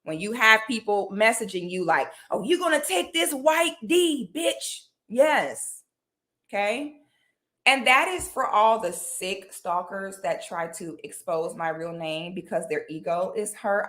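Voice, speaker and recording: A woman from Florida talks straight to camera in a casual vlog. Her voice is bright and her delivery blunt and emphatic. She keeps checking in with her viewers, asking "okay?" as she goes. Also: on the low side, moderate pace, few pauses. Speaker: commentary vlogger. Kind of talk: casual direct-to-camera talk.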